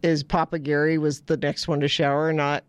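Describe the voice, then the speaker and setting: A woman's voice: sits low, flat delivery, normal speed, clean tone, no echo. A woman co-hosting a casual family chat, telling stories and laughing often. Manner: chatty storyteller, laughs often. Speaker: podcast co-host.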